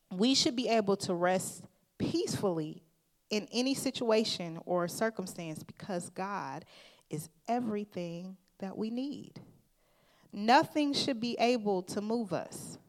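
A woman's voice: mid-range voice, creaky. A woman preaching a sermon. She tells a personal story in an earnest, emphatic way, speaks informally, and addresses the congregation directly as "y'all.". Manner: informal, conversational phrasing.

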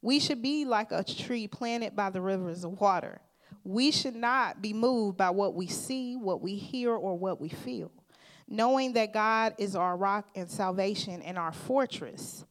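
A woman's voice: medium pitch, unhurried. A woman preaching a sermon. She tells a personal story in an earnest, emphatic way, speaks informally, and addresses the congregation directly as "y'all.". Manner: informal, conversational phrasing.

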